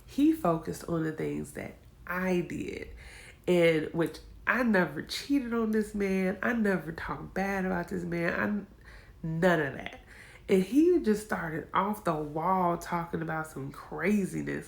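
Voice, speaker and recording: A woman telling her own story in a casual vlog, emotional and animated, acting out the quotes. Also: lowish voice, slow pace, creaky. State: upset.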